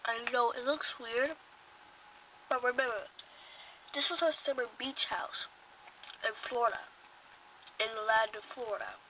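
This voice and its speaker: Slow, bright-voiced woman acting out a homemade story. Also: fairly high pitch, far from the mic. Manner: plays back-and-forth dialogue, bickering and teasing. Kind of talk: homemade story play, voicing several characters. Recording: dull lo-fi home recording with faint noise.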